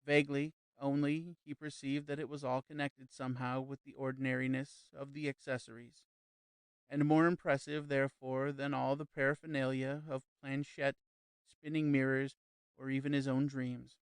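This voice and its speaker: A man reading a novel aloud as an audiobook narrator, in a measured, even storytelling manner. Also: mid-range voice, clean tone, dry recording.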